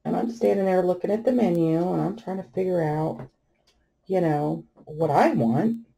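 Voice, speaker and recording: A middle-aged woman vlogs as she crafts, animatedly retelling a funny family story as a casual anecdote. Her lowish, creaky voice moves at normal speed, and she's a chatty storyteller who laughs often.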